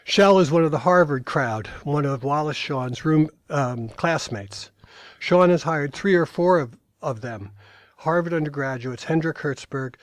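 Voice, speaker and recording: An older man reads passages from his own memoir to an audience. His voice sits a little high, and his delivery is dry and matter-of-fact. The sound is close and dry, with no room echo. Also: measured pace. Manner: dry storytelling, brief asides to the audience. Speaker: author reading from his memoir. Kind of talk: reading aloud at a live talk.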